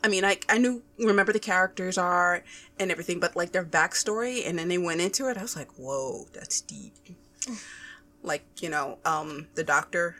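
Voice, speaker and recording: A woman with a lowish voice talks briskly as a podcast co-host in casual chat. She's excitable and animated, acting out her own reactions while telling stories.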